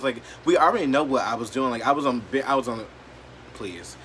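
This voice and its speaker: A man vlogging an emotional rant to camera, blunt and profane, leaning on "like" and swinging between quiet, hurt lows and loud, defiant outbursts. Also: brisk, slight background noise. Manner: blunt, profane and heated, heavy use of "like".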